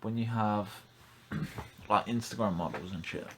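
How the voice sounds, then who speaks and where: A man's voice: fairly low pitch, measured pace, a bit bright, slight background noise. A young man hosting a casual podcast, blunt and ranting, swearing freely. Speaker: podcast host.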